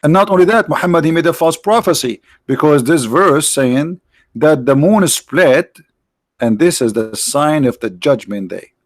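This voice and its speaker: A man hosting a live stream with mocking, sarcastic commentary and rhetorical questions, his voice tired, clearing his throat now and then. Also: on the high side, lively intonation, normal speed, no echo. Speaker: online show host.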